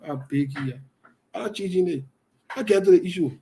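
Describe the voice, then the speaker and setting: A man's voice: high voice, brisk, warm tone, poor audio. A man hosting a radio talk show, giving opinionated commentary in a defiant, passionate way and repeating his points for emphasis.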